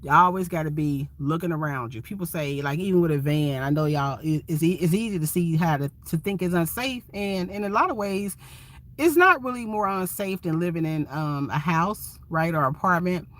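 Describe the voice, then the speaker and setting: A woman's voice: fairly low pitch, normal speed. A woman from Ohio, a van-life vlogger chatting casually and expressively with viewers on a phone livestream. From Ohio, USA.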